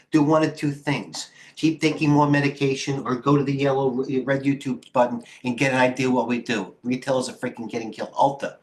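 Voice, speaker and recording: A middle-aged man hosting a live trading stream, talking casually and rambling with jokes and muttered asides. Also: medium pitch. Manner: rambling, joking, self-deprecating, mutters to himself. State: out of breath.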